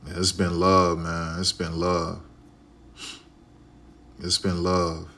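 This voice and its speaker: A man's voice: low-pitched, monotone, takes it slowly, vocal fry, pushed and bright. A man from Chicago streaming live, talking casually and repetitively to his viewers, with a preachy way of speaking.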